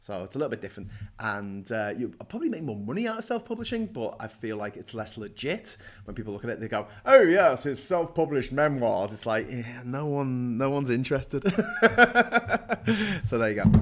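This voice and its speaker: A man's voice: mid-range voice, lively intonation, fairly quick. Man, middle-aged, sardonic live stream host, rambling chat, swears a lot. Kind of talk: casual livestream chat reading viewer comments.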